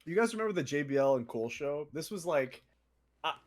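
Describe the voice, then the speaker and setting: A young man co-hosting a casual podcast, telling stories in an animated way with laughs and quoted voices. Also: on the high side, fairly quick, crowd noise. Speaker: co-host.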